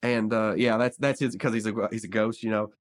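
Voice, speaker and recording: A man hosting a casual podcast, recapping a cartoon episode in an animated way and acting out characters' lines in quick bursts. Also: on the low side. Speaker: podcast host.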